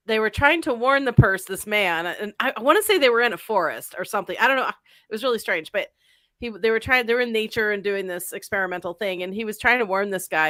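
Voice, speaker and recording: A woman co-hosting a podcast, chatting casually and retelling stories in a lively way. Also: medium pitch, dry recording. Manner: lively, laughs, acts out quotes. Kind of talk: casual chat.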